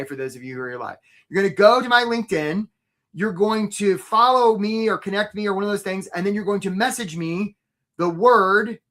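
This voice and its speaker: A man's voice: high voice, pushed and bright. A man hosting a live career webinar as a coach. He talks casually and upbeat, often asks "right?", and speaks straight to his viewers.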